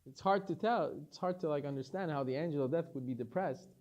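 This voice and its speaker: A man's voice: on the high side, fast talker, highs cut off. A man teaching a Torah lesson as a rabbi, telling stories with animation and acting out the dialogue. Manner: animated storytelling, acts out dialogue.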